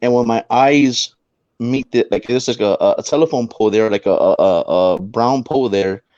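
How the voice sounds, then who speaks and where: A man's voice: mid-range voice, normal speed, dry recording, dull audio. A man, a paranormal investigator, telling a story on a talk show, with lots of restarts. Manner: animated storyteller with many restarts.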